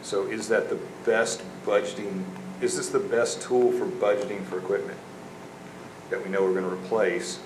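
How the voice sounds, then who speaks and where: A man's voice: on the low side, little pitch movement, normal speed. A man, a city council member thinking aloud in discussion, often repeating words as he goes. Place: council chamber. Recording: echoey chamber, background noise.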